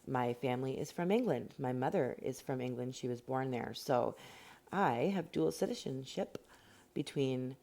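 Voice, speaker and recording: Very low-voiced woman. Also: normal speed, few pauses, mellow. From Canada. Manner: chatty, rambling, many fillers. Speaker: rock painting instructor. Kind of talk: casual tutorial narration. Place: home indoors.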